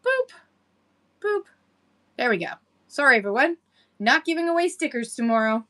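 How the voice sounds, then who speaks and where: A woman's voice: sits high, sing-song, normal speed, sharp tone. A woman hosting a casual livestream chat, chatty and laughing often as she greets viewers by name. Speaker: livestream seller host.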